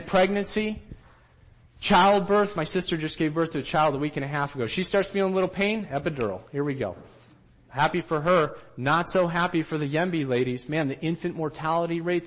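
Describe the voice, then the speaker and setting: Animated, higher-voiced man telling stories. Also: rough recording. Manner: animated, acts out quotes. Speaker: missionary trainer. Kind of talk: storytelling talk.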